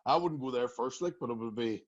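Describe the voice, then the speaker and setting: A man's voice: mid-range voice, fairly quick. A Northern Irish man hosting a casual podcast chat, telling stories and laughing often. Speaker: podcast host. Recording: muffled lo-fi sound.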